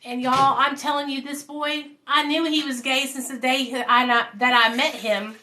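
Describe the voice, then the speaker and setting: A woman's voice: high voice, steady tone, moderate pace, noisy background. A woman, casually telling her life story to viewers at home, calling them y'all. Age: 30s. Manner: chatty, addresses viewers as y'all and you guys.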